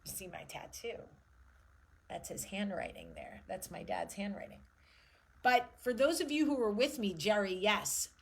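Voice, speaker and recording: A woman in her forties hosts her own vlog, speaking candidly and emotionally in a personal monologue and swearing freely. Her mid-range voice is very animated, a little slow, gravelly, and breathy. The audio is poor.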